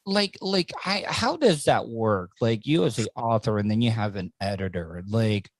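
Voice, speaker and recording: A man hosting a podcast in casual interview chat, rambling with quick asides and easy laughs. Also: lowish voice, animated, dry recording. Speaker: podcast host.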